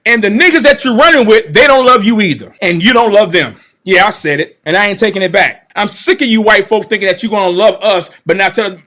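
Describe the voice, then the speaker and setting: A man's voice: high voice, a little fast, few pauses, pushed and bright. A man hosting a livestream, delivering heated, confrontational commentary in a preachy way and repeating phrases for emphasis. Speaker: channel host, commentator.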